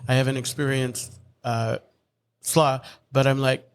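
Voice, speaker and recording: A man in a relaxed podcast chat, giving his view with lots of restarts and fillers. He teases his co-host and does not stay serious for long. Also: medium pitch, a little slow, clear, resonant tone. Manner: joking, rambling, restarts mid-thought. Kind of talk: casual chat.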